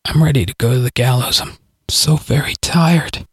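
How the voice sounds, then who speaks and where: A man's voice: medium pitch, normal speed, breathy edge, no echo. Condemned prisoner in a storybook, a worn-out man pleading in confusion, read by a man, in a dry room. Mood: weary. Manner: bewildered, pleading, breaking into shouts.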